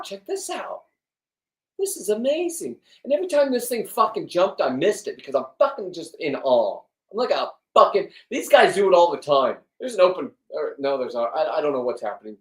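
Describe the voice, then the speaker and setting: A man in his fifties, a fishing and diving vlogger, rambling in a crude, loud, joking monologue. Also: on the high side. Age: 50s. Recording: roomy, from a distance.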